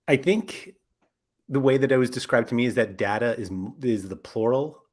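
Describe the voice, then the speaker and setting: A man's voice: mid-range voice, moderate pace. Rambling man hosting a casual podcast. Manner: rambling, self-correcting, frequent fillers. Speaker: podcast host.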